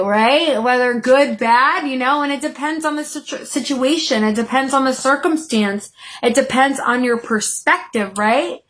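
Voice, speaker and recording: A woman in her thirties telling a personal story to her viewers in a casual, chatty way, acting out her own excited and scared exclamations. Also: fairly high pitch, a little slow. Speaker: vlogger.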